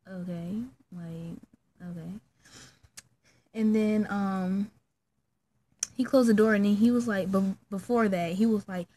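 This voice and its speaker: With slight background noise, a young woman vlogger casually recounts a childhood story. She's animated, suddenly switching into squeaky high voices to act out her own lines and her friends'.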